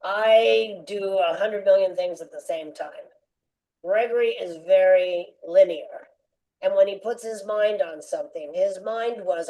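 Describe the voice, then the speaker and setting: A woman's voice: medium pitch, a little slow, poor audio. An older woman telling a long personal story as a podcast interview guest, acting out the voices of the people she quotes. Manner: lively anecdotal storyteller, acts out quoted voices.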